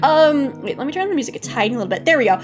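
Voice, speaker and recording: A young woman with a high voice chats with her live-stream viewers, rambling and teary, laughing nervously between words. She sounds tired and close to tears the whole time. Soft music plays faintly behind her. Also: sing-song, very fast. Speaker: VTuber streamer. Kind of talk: casual live-stream chat. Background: faint background music.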